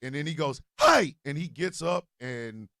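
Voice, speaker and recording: A man tells a comic story. His voice is high and gravelly, and his pitch leaps all over. The sound is close and dry. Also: moderate pace, dry recording. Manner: animated, swings from low mutters to loud outbursts. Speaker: podcast host telling a story. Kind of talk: comedic storytelling monologue.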